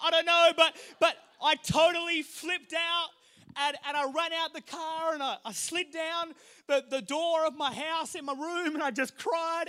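A young adult man with an Australian accent preaching a sermon, telling funny stories that build to shouted proclamations. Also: very high voice. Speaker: pastor.

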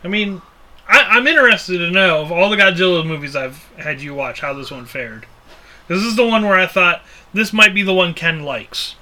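A man's voice: high-pitched, normal speed, bright, forceful tone. A man co-hosting a movie podcast in casual chat, joking and swearing freely. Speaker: podcast co-host.

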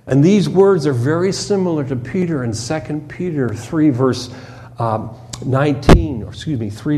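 A man preaching an expository sermon, slow and emphatic, often repeating words and restarting phrases. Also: on the high side, a little mellow, a little hiss or hum. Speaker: pastor.

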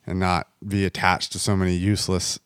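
A deep-voiced man from the United States rambles through a casual chat, full of fillers and asides. The recording is dry and close, with no room sound. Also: flat delivery, brisk, a bit bright, clear, resonant tone, no room sound. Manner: rambling, heavy on fillers like "you know what I mean".

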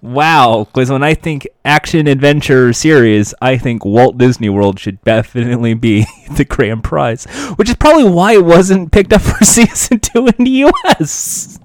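A man co-hosting a casual chat, animated, laughing often and doing quick impressions of show hosts. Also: mid-range voice, no echo, studio quality. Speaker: podcast co-host.

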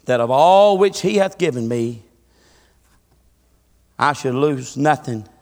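A man preaching a sermon, swinging from hushed murmurs to fervent, rising cadences. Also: mid-range voice, expressive, takes it slowly. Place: church. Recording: music behind, long hall reverb.

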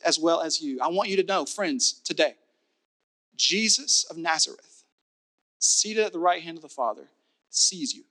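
A man preaching a sermon as pastor, building to fervent repeated declarations and then dropping to a soft, intimate tone. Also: a little high, lively intonation, moderate pace, pauses often.

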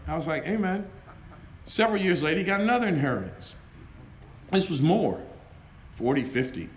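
A middle-aged man preaching a sermon, loud and animated, telling stories and laughing between them. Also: a little high, moderate pace, slight background noise. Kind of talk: lively storytelling sermon.

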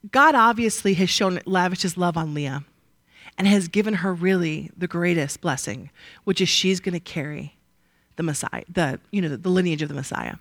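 A woman's voice: fairly low pitch, no room sound, clean studio sound. A woman teaching a Bible study to a live group in a conversational way. She often asks the group questions and answers them herself. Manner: lively, asks the audience rhetorical questions.

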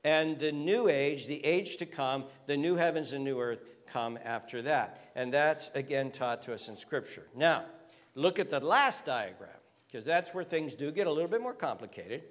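A man preaches a sermon in earnest, often restarting his phrases and climbing higher when he drives a point home. His voice sits fairly high. A long reverb trails each phrase, as in a large church hall. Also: animated, normal speed. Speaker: pastor.

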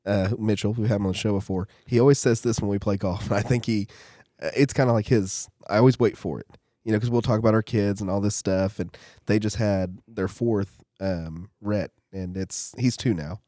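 A man's voice: on the low side, steady tone, a little fast, few pauses, mellow, dry recording. Middle-aged male host, rambling and chatty, dry close sound. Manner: rambling, storytelling with quoted voices. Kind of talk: casual chat.

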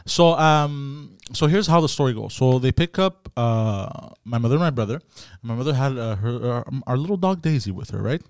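Podcast host, male, mid-pitched, chatty and profane, dry studio mic. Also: normal speed, smooth, dry recording. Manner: rambling, profane, animated storyteller. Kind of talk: casual storytelling chat.

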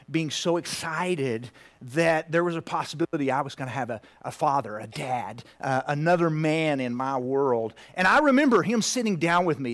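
Heartfelt preacher man in his fifties. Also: fairly high pitch. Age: 50s. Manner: heartfelt, drops to a hushed near-whisper at tender moments. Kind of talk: personal story in a sermon.

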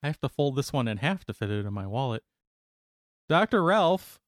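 A man's voice: mid-range voice, very fast, no room sound, clean studio sound. A man co-hosting a podcast, reading out a news story in casual chat with wry asides and laughs. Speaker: podcast co-host.

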